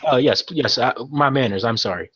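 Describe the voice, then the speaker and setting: A man's voice: medium pitch, a little fast, fairly bright tone, slight background noise, close to an everyday voice. A man voicing a nervous human dockmaster who stammers and fawns over visitors with too much politeness. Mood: flustered. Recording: dull lo-fi recording.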